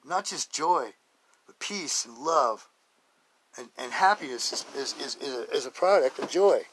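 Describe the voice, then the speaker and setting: A man with a bright, forceful voice talks off the cuff on his own podcast. He rambles in a folksy, joking way, laughing often as he wanders from one story to the next and into life advice. His pitch sits right in the middle. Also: lively intonation, unhurried, slight background noise. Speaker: podcast host. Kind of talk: casual rambling monologue.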